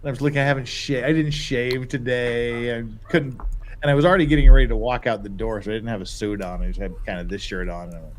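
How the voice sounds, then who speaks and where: A man's voice: mid-range voice, steady tone, fast. A sleep-deprived man hosting a casual livestream chat, rambling and swearing casually. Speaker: host.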